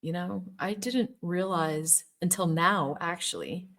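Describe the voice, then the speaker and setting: Middle-aged woman, lowish voice, earnest storyteller who stresses points by repeating words. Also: slow pace, creaky, a bit bright. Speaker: former Jehovah's Witness telling her story. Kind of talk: personal storytelling monologue.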